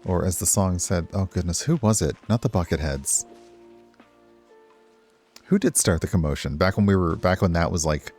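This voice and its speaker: A man's voice: low voice, normal speed, long pauses, darkish tone, soft background music. A man streaming a cosy video game, chatting casually with his viewers and rambling on side topics. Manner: rambling, chatty, talks to chat. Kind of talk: casual gameplay commentary.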